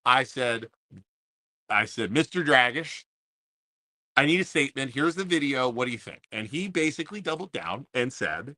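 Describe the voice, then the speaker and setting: A fired-up man rants straight at his viewers, repeating himself as he builds his point. His voice is bright and forceful, at a middle pitch. The sound is dry and close, from outdoors under an umbrella in pouring rain. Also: very animated, moderate pace, no echo. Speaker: podcast host. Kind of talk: casual livestream rant.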